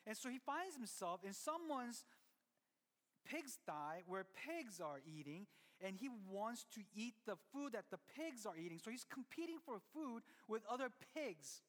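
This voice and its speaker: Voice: medium pitch, sing-song, measured pace, fairly bright tone. A pastor preaching a sermon in a conversational way, often restarting sentences and turning to the listeners with asides. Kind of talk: sermon storytelling. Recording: long reverb of a large hall.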